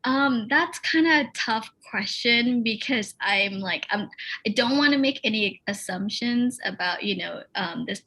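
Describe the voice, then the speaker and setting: Woman, bright tone, hesitant, panel discussion. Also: on the high side, lively intonation, a little slow, poor audio. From North Carolina, US. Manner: hesitant, many fillers and restarts.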